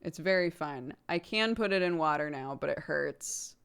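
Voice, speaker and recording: Woman streamer host, casual chatty delivery, lower smooth voice, loose and rambling. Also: animated, normal speed, fairly bright tone. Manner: chatty, rambling, with many "like" fillers and frequent laughs. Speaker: mother of a toddler. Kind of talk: casual chat with stream viewers.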